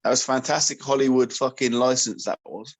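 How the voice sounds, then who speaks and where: Casual male co-host: mid-pitched, animated, joking, easily sidetracked. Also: a little fast, vocal fry, low-quality recording. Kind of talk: casual chat.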